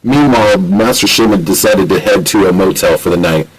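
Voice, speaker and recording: A man narrating an amateur audiobook in a plain, steady reading voice. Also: low voice, a little fast, husky, low-quality recording.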